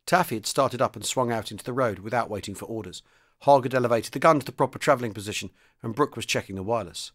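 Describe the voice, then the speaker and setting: A man's voice: medium pitch, quick pace, fairly bright tone. A man, a podcast host, reading a chapter of a wartime novel aloud, with light voices for the characters. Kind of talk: audiobook-style reading.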